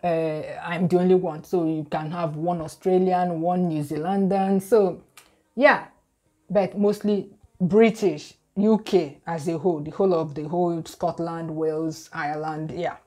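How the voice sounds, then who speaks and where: A woman's voice: lowish voice, steady tone, darkish tone. A middle-aged Nigerian woman with a Nigerian accent who talks to camera on her channel, earnest and careful. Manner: earnest, slow and careful, reading out viewer comments. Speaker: YouTube creator. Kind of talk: talking to camera.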